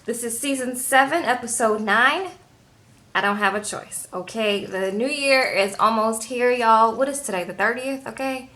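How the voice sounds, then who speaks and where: A woman's voice: a little high, normal speed, a bit bright. A woman chatting casually as she recaps a reality show, tagging her sentences with a questioning "okay?".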